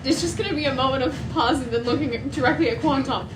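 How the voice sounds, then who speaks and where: A woman playing in a tabletop game, excitable and given to loud exclamations and swearing. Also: sits high, quick pace. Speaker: player. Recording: echoey room with loud music behind.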